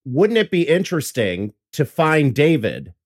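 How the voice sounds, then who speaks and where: A man's voice: on the high side, very animated, unhurried, no room sound. Male podcast host, casual and laughing, recorded dry. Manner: chatty, laughs while talking. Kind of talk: casual chat.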